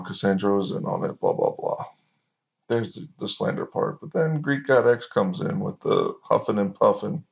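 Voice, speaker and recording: A man's voice: on the low side, normal speed, creaky. A man hosting a reaction video, giving sarcastic, mocking commentary. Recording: dull lo-fi recording.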